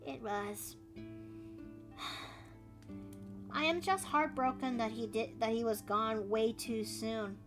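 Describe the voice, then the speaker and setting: A woman's voice: fairly high pitch, takes it slowly, long pauses, music in the background. A Canadian woman chatting casually as she draws live on stream, thinking aloud with playful asides. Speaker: streamer and artist. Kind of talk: casual chat while drawing live.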